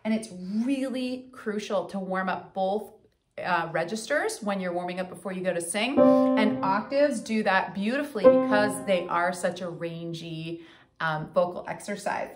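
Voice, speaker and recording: Upbeat woman voice coach, soft music behind. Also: mid-range voice, normal speed. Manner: encouraging, counts in and sings along. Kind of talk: singing lesson with demonstrations.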